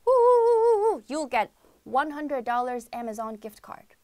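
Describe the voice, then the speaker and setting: A young woman from South Korea hosting a live-stream quiz show, chatting bubbly and reading out viewer comments with excited outbursts. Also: high voice, takes it slowly, slight background noise.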